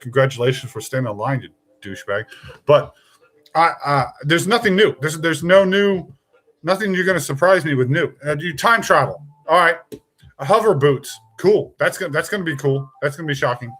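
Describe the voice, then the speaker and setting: A man with a somewhat high voice hosts a loose live-stream chat. He rambles and pushes his points hard, tossing in jokes and the odd swear word. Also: animated, moderate pace, fairly bright tone. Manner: rambling, emphatic, jokey with mild swearing. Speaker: podcast host.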